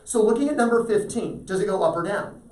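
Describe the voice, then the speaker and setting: A man's voice: sits high, expressive, quick pace, darkish tone. A man teaching a math class, talking through problems and often checking whether students follow. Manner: asks the class frequent check-in questions. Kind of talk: classroom lecture. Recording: roomy echo, voice from far off.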